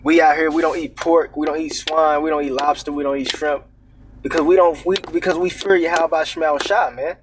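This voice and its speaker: A man's voice: on the high side, steady tone, a little fast, recorded from a distance, slight background noise. A man teaching scripture in a casual sermon, reading verses aloud and commenting with "man" and "all right?". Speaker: preacher.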